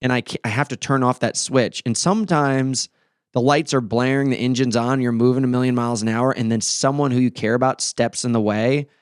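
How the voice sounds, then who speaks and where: A man's voice: mid-range voice, fairly even intonation, a little fast, clean tone, no echo, clean studio sound. A male podcast host talking casually and earnestly, blunt and swearing now and then.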